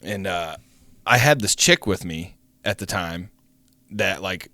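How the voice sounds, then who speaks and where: A young man spins a story on a podcast, casual and profane, his pitch swinging widely as he acts out other people's lines. The sound is dry and close, with no room in it. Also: takes it slowly, dry recording. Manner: animated, swearing, acts out voices in the story. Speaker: podcast co-host.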